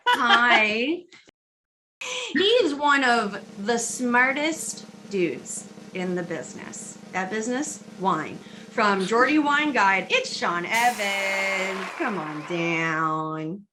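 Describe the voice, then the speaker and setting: A woman's voice: medium pitch, expressive, takes it slowly, background noise. A woman hosting a comedic drinking chat show over a video call, teasing and bawdy with her guests. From United States. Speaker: host.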